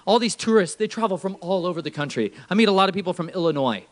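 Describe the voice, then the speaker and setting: A man preaching from a church stage, emphatic, swinging from low murmurs to shouts. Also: lively intonation, fast talker. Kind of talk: sermon.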